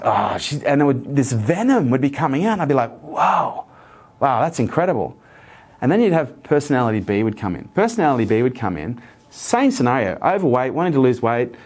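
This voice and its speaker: A man's voice: mid-range voice, big pitch swings, quick pace, darkish tone. A man talking earnestly in an interview, telling stories with lots of repetition. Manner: earnest, storytelling, repetitive phrasing. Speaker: interview guest. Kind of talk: motivational interview talk.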